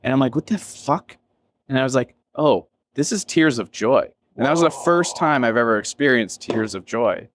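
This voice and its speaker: Expressive and medium-pitched, a man talks at a normal speed over a faint hiss or hum. As a business founder interviewed as a guest, he gets candid and emotional, meandering with many fillers, quoting himself, and letting some swearing slip.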